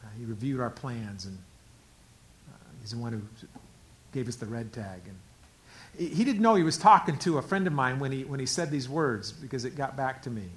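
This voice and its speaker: A pastor preaching a sermon, dropping to hushed whispers and rising to loud, emphatic preaching. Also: male voice, medium pitch, expressive, moderate pace.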